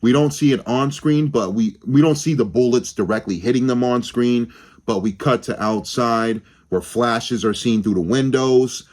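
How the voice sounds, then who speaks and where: A man's voice: mid-range voice, normal speed, a little mellow. A young man giving a rambling, casual film review on his channel, swearing freely and often restarting his sentences. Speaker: movie review vlogger.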